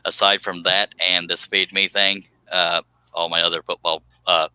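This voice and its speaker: Deep-voiced joking man. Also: level tone, moderate pace, sharp tone, smooth, no room sound, rough recording. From United States. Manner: joking, teasing, chuckles often. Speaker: live stream host, woodworker. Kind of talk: casual live stream chat.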